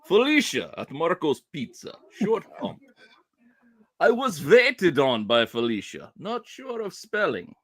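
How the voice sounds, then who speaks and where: A man's voice: fairly high pitch, huge pitch swings, a bit bright, no room sound, full character voice. Man putting on a hammy mock-Russian admirer. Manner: hammy, drawn-out. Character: man reading a flirty note in a mock Russian accent.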